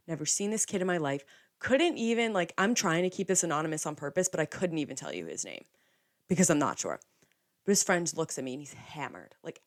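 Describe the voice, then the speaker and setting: Chatty young woman with a low voice. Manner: chatty, heavy use of "like", animated retelling with quoted dialogue. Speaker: podcast host. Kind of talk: casual storytelling monologue.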